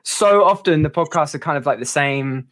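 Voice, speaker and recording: A woman's voice: deep voice, normal speed, fairly bright tone. A woman guest on a podcast, talking things through in a hesitant, thoughtful way full of fillers. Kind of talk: casual chat.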